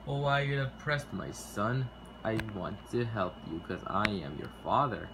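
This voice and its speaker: A man's voice: lowish voice, animated, moderate pace, background noise, voice pushed down. A man voicing a muddled, fussy old king who dotes on his son, in a homemade toy skit.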